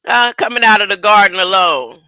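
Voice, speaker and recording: A woman's voice: medium pitch, expressive, a little fast, pushed and bright, dry recording, low-quality recording. A woman preaching an informal sermon, emphatic and colloquial, full of rhetorical questions.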